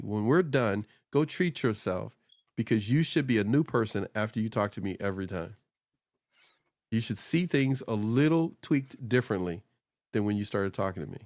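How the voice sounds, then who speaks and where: A man's voice: fairly low pitch, a little mellow, no echo, studio quality. A man hosting a casual chat, coaching on social media in a loose, rambling way and laughing often.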